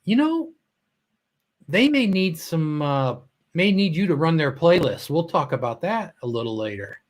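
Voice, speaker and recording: A man's voice: a little high, expressive, moderate pace. A man hosting a casual live stream, greeting viewers by name, a little choked up and often trailing off mid-sentence. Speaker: livestream host.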